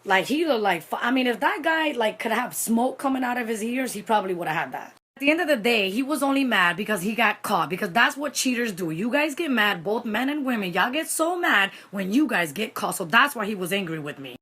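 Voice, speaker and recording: A woman telling a personal story in a casual vlog, animated and dramatic, with Spanish phrases mixed in. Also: a little high, fairly quick, few pauses, breathy edge.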